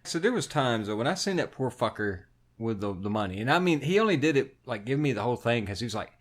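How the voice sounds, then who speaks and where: A man co-hosting a podcast in an ordinary mid-pitched voice. He talks bluntly, swears a lot, and tells stories about customers in easy, casual chat. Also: sing-song, quick pace. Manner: blunt, profane storytelling. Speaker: podcast co-host.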